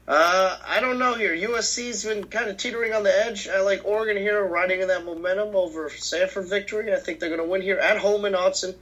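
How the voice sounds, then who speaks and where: A man co-hosting a casual sports picks chat, reacting quickly and stating his picks with confidence. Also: sits high, steady tone, a bit bright, highs cut off. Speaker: co-host.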